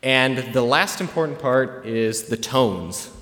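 A young man giving a relaxed, chatty presentation to a live audience, with plenty of filler words. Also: medium pitch, slow. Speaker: student presenter. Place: large hall with an audience. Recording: long hall reverb.

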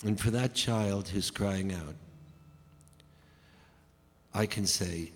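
A man's voice: low voice, slow. A man, a folk singer and guest speaker, making an earnest, pleading spoken appeal to an audience. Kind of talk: earnest spoken appeal between sung verses. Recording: echoey hall with guitar behind. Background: acoustic guitar.

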